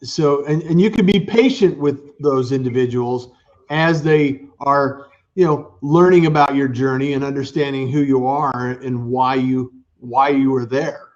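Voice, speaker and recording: A man's voice: medium pitch, measured pace. A man hosting a casual conversation, reflective and building on his guest's points. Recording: dull lo-fi sound.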